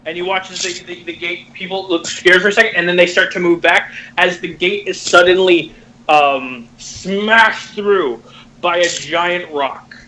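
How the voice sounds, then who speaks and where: Male GM, bright tone, stumbling, filler-heavy narration, faint hiss behind. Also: high-pitched, poor audio. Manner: halting, many fillers and restarts. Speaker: game master. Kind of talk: narrating a tabletop game.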